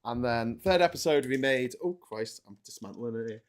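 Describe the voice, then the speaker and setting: A man hosting a podcast from a small room at home over a video call, rambling casually with many restarts and animated asides. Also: medium pitch, normal speed. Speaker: podcast host. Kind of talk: casual chat.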